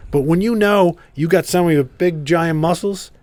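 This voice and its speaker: A man's voice: on the high side, brisk, darkish tone, dry recording. A man who is a congressman, a guest in a casual podcast interview, telling stories emphatically. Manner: storytelling, emphatic.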